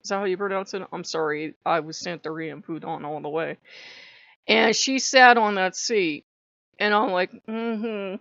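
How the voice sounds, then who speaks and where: A woman's voice: on the low side, moderate pace, gravelly, fairly bright tone, no room sound, lo-fi sound. A woman vlogging in a casual chat, blunt and laughing often as she swears freely, recorded on a camera's built-in mic.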